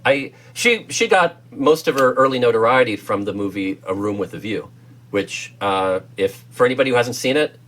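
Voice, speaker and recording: A man's voice: medium pitch, expressive, moderate pace, fairly bright tone, a little hiss or hum. A man with an American accent reviewing a film as co-host, enthusiastic and rambling with lots of fillers and restarts. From United States. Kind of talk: casual film review chat.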